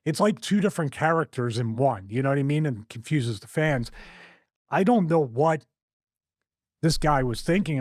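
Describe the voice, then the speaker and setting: A man with a Philadelphia accent hosting a wrestling podcast, chatting in an animated, opinionated way with frequent laughs. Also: fairly high pitch, normal speed, no echo, clean studio sound. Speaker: wrestling show host. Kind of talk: casual podcast chat.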